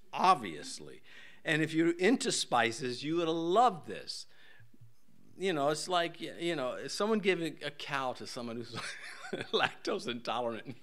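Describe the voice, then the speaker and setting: An older man preaching a casual, joking sermon in a church, with folksy asides and voices acted out in a high pitch. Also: bright, forceful tone. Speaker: pastor.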